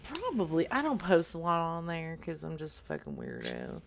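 A woman's voice: low voice, very animated, normal speed, vocal fry. A woman co-hosting a casual chat, giggling often, swearing freely and trailing off into mumbles. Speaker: podcast co-host.

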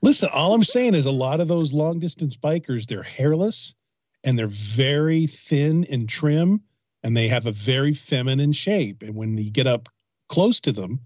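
Husky-voiced man joking animatedly. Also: medium pitch, lively intonation, moderate pace, a little mellow, no room sound, highs cut off. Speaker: podcast co-host. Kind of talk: casual comedic banter.

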